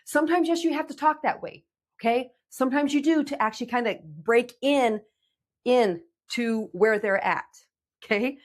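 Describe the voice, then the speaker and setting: A woman's voice: fairly high pitch, moderate pace. A middle-aged woman, a teen relationship coach, giving emphatic direct-to-camera advice to parents and checking in with "okay?". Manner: animated, emphatic, checks in with 'okay?'.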